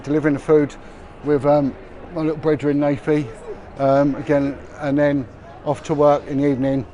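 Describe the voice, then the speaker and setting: Walking through crowded city streets for a livestream, a middle-aged vlogger chats and rambles in a warm, medium-pitched voice. His commentary is full of fillers and restarts, with passers-by and street noise around him.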